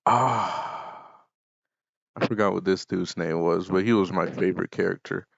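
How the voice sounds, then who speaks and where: A young man with a very low, gravelly voice talks slowly and offhandedly in a casual vlog. The sound is dry and close but dull and lo-fi, and he drifts into deadpan asides. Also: no room sound. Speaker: YouTuber. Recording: dull lo-fi mic.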